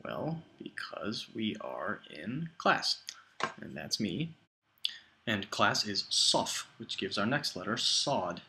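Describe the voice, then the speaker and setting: A male language teacher walks learners through the alphabet, drawing out each sound and repeating it in a playful, patient way. His voice sits fairly low, yet it comes across bright and forceful. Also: rough recording. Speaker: Arabic teacher. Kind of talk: explanatory lesson narration.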